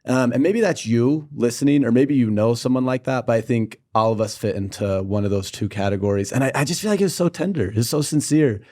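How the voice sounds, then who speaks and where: Young man telling a lively story. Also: medium pitch, fast talker, hardly any pauses. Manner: animated storyteller who acts out the people he quotes. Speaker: podcast co-host. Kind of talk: casual podcast chat, personal storytelling.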